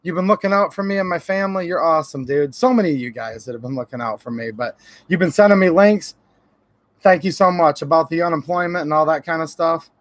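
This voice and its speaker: A man's voice: a little high, fast, dry recording. A man from Michigan hosting a casual livestream, greeting viewers by name and giving his opinions in a friendly way. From Michigan, USA. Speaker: YouTube channel host. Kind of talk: casual livestream chat reading viewer comments.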